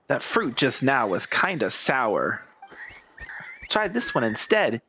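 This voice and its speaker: A man's voice: mid-range voice, slow pace, a little hiss or hum. A young man casually commenting on a video game while he plays, rambling and laughing. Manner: rambling, giggly, lively. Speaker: gaming streamer.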